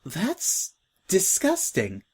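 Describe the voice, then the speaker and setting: A man's voice: fairly high pitch, very animated, measured pace, slightly rough, voice pushed up, exaggerated voice. A man voicing a timid, prim young filly who speaks politely and formally, hesitant and tearful.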